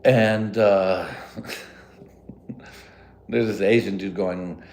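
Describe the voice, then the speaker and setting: A man's voice: deep voice, fairly even intonation, drawn-out words, long pauses, darkish tone. A man who grew up speaking Spanish, hosting a rambling, profane solo comedy podcast from his home garage. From United States. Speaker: podcast host.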